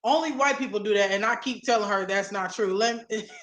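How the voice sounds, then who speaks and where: A woman co-hosting a casual talk show, sassy and playful with drawn-out emphasis. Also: medium pitch. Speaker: co-host. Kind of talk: casual chat.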